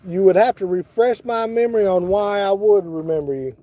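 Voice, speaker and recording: A man's voice: high voice, brisk, dark tone. Laid-back middle-aged man streaming from a boat. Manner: laid-back, talks to viewers by name. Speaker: fishing livestreamer. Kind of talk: casual live-stream chat. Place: outdoors on a boat on the water.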